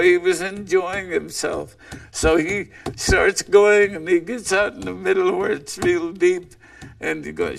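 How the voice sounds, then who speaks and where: A male storyteller recounts a legend in a slow, unhurried way. His voice sits high for a man and is heavily gravelly. It sounds distant, as if he is recorded from some way off the mic. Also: fairly even intonation, a bit bright. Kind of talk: oral legend telling.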